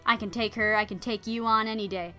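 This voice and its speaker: A woman acting out a pompous macho knight who booms every line, with a raised pitch and a bright, forceful edge. He is full of bluster and self-importance. It is a spoken storybook villain. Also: steady tone, brisk, soft background music. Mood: boastful. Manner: booming and grandiose.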